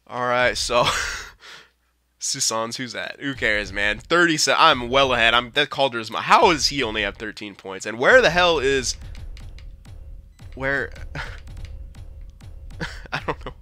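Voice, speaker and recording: A man talks through his own video game play in loose, excitable commentary, cursing and chuckling as he goes. His voice is very bright and tense, sitting at an ordinary middle pitch. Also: measured pace, pauses often, dry recording. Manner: excitable, swears and laughs often. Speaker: video game let's-player. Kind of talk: casual gameplay commentary.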